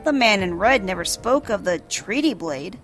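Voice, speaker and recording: A woman voicing an earnest young assistant investigator from a video game, reading the lines calmly and plainly. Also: mid-range voice, normal speed, faint music behind, natural voice.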